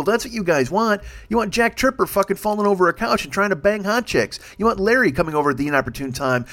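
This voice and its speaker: A man's voice: high-pitched, fairly bright tone. A man of fifty ranting in a solo monologue, rambling and self-deprecating, swearing often. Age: 50s. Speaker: podcast host. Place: home, recording late at night.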